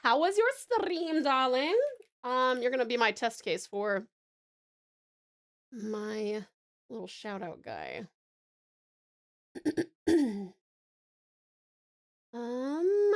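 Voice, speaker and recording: A woman from Tasmania chatting on a live stream, greeting viewers warmly and gushing over their art in a flustered, affectionate way. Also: a little high, very animated, slow pace, pauses often. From Tasmania, Australia. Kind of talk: casual live-stream chat.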